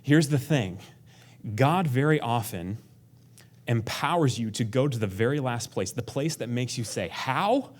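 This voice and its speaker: A man's voice: mid-range voice, lively intonation, moderate pace, darkish tone. A male pastor preaching a conversational sermon, acting out prayers in a raised voice and dropping to a near whisper for emphasis.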